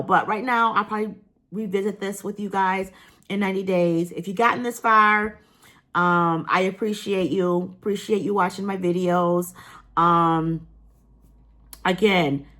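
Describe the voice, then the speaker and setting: A woman's voice: medium pitch, unhurried, a bit bright. A woman vlogging casually to her viewers, earnest and emotional, rambling with many fillers and restarts. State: emotional, near tears. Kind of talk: casual vlog talk to viewers.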